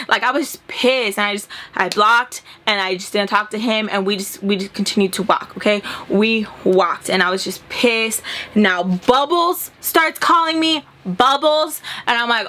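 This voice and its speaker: Bright, animated young woman telling a story. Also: a little high, a little fast. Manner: animated, acts out dialogue, frequent swearing. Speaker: storytelling vlogger. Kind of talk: casual storytime.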